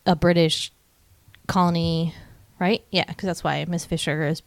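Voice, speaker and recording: A woman's voice: lowish voice, steady tone, measured pace, no echo. A woman co-hosting a podcast in casual chat, talkative and loose, swearing and laughing easily. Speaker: podcast co-host.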